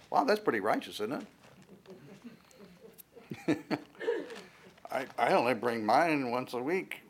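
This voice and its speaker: A man's voice: mid-range voice, lively intonation, slow pace, long pauses. A man preaching a conversational sermon, joking along the way, with frequent fillers and restarts.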